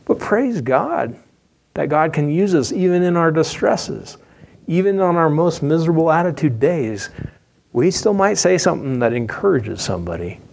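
A man's voice: a little high, lively intonation, normal speed, vocal fry, a little mellow. A man preaching a sermon in a folksy, humorous, conversational storytelling way.

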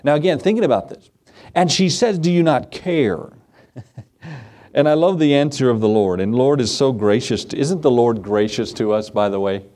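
A man preaching an evening sermon in a conversational way, asking the congregation rhetorical questions and laughing softly, his pitch lifting for emphasis and dropping at phrase ends. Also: lively intonation, moderate pace. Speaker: pastor.

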